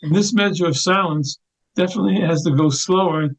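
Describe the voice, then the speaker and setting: A man's voice: sits high, brisk. An older man, an orchestral percussionist, explaining note markings as an interview guest, often repeating words as he demonstrates. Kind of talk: explaining, teaching. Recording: lo-fi, dull sound.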